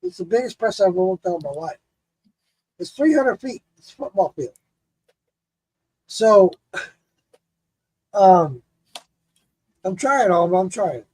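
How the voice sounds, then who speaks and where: A man's voice: high-pitched, takes it slowly, long pauses, breathy edge, dry recording, low-quality recording. A man hosting a casual drinking chat, telling stories with cursing and laughter. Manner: animated storyteller, cursing and laughing. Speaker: show host.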